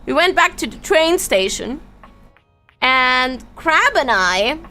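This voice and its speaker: A woman's voice: sits high, very animated, slow, bright, forceful tone. A woman streamer telling a personal story in casual chat, stammering and swearing freely, with faint music behind her.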